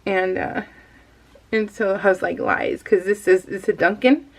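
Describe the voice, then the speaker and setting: A woman's voice: mid-range voice, fairly even intonation, measured pace, gravelly, rough recording. A middle-aged woman telling a story in a casual, chatty voice-over, laughing often and coughing now and then after tonsil surgery. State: coughing, recovering from tonsil removal. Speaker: scrapbooking vlogger.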